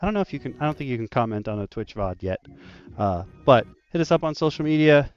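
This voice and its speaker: A man's voice: mid-range voice, lively intonation, fast talker, clean tone, highs cut off. A man hosting a casual roundtable stream as a dungeon master, rambling and laughing often.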